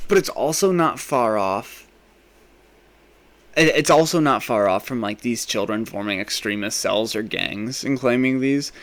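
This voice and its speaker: A young man hosting a podcast, telling a rambling, profane comic story, swinging between loud rants and mumbled asides. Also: mid-range voice, lively intonation, takes it slowly, long pauses, a little hiss or hum. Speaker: podcast host. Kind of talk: rambling comedic monologue.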